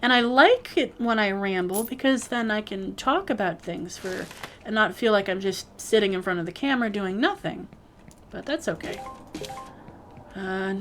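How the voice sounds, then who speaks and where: A female gaming video creator rambles casually while playing, talking to herself and the on-screen characters with playful, mock-bossy jokey outbursts. Her voice is medium-pitched, with a little hiss or hum in the recording.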